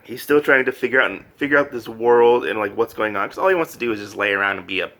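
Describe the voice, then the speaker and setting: A man casually recapping a manga, animated and full of fillers, laughing often. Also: mid-range voice, fast, vocal fry. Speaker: manga reviewer. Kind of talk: casual review chat.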